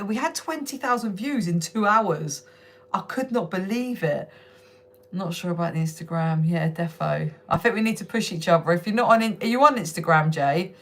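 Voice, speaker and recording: A young woman hosting a casual live stream from home on her phone, chatting with viewers, laughing often and swearing freely. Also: on the low side. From United Kingdom. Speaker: livestream host.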